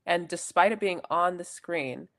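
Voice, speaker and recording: Young female podcast co-host with a low, casual voice, rambling storyteller. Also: a little slow. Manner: rambling storytelling with self-corrections and laughs. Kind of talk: casual chat.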